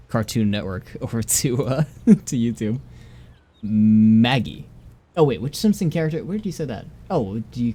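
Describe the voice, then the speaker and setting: A young adult man streams himself playing a game, rambling through casual commentary and laughing easily. His voice is mid-range and a little mellow.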